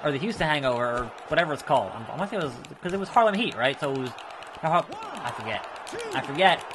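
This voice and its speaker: A man with a high, bright-pitched voice narrating his own video game playthrough. He reacts loudly and jokes at his own expense as he plays. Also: fast talker, crowd noise, background noise. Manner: excitable, jokey and self-mocking. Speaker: let's play host. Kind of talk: gameplay commentary.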